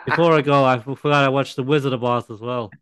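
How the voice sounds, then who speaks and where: Smooth-voiced man, mock ranting. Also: mid-range voice, fast. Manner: mock-scolding deadpan rant. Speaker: podcast co-host. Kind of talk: casual comedy podcast chat.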